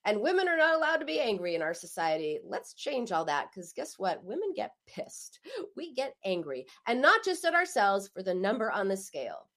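Animated woman giving spoken advice. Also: medium pitch, moderate pace. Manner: animated, emphatic, acts out quoted phrases.

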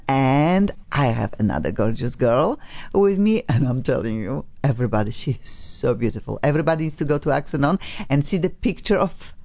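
Low voiced lady radio host, super sing-songy, playful chatter, kinda sleepy, a bit muffled studio sound. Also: gravelly, a little mellow. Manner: playful, chatty, drawn-out emphatic words. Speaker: radio talk show host. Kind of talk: casual radio chat. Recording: slightly dull radio broadcast sound.

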